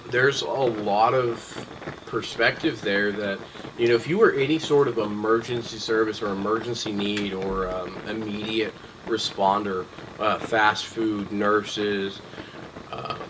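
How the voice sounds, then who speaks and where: A man's voice: fairly low pitch, steady tone, measured pace, noisy background. A young adult man hosting a casual chat, rambling with lots of ums and restarts. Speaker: podcast host.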